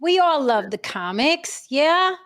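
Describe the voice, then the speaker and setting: Female talk host, higher-pitched, dry close sound, teasing and probing. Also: very animated, slow, a bit bright, no room sound. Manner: teasing, pressing questions. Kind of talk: casual chat.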